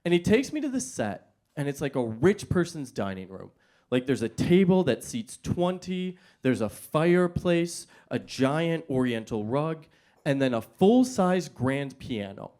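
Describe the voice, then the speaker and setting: A man's voice: fairly high pitch, big pitch swings, unhurried, dark tone. A male stand-up comedian telling a self-mocking story on a comedy stage, talking into a stage microphone.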